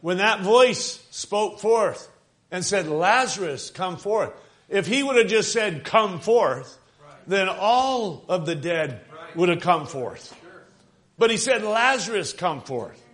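A man preaching with a somewhat high voice. He presses key phrases, swells and drops his volume, and checks in with the congregation as he goes. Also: lively intonation, takes it slowly, a bit bright. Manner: emphatic, rising and falling for emphasis, calls out to the congregation. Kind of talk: sermon.

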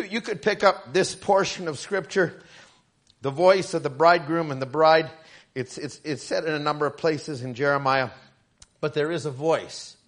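High-voiced preacher shouting his points. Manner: rising to shouted emphasis, with stammered restarts. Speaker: pastor. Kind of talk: sermon.

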